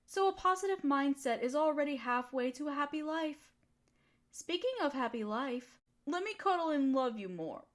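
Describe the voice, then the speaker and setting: Lively high-voiced woman, whispered role-play. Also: normal speed. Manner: gentle, affectionate and teasing. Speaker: audio role-play performer.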